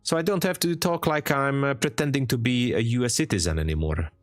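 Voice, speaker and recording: A man's voice: medium pitch, fairly quick, dry recording, faint music behind. A man from Hungary with a Hungarian accent, chatting casually and joking on a trading live stream. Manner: joking, chatty, laughs often. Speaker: livestream trader.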